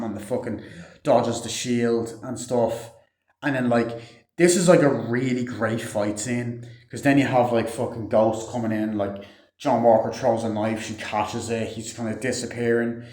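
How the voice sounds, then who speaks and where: A man's voice: mid-range voice, a little mellow. A man giving a casual, rambling movie review, swearing freely and filling his talk with "like" and "um". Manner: rambling, heavy swearing, many fillers. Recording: roomy echo.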